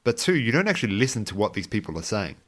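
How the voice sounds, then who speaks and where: A man's voice: on the low side, sing-song, fast. A man co-hosting a podcast, chatting casually about a film with many restarts and wry asides. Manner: rambling, frequent restarts and fillers, wry self-mockery. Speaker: podcast co-host. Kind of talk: casual movie review chat.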